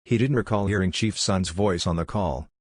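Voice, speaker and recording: A man reading a government report aloud in a steady, measured way. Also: low voice, breathy edge, no room sound, clean studio sound. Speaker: report reader.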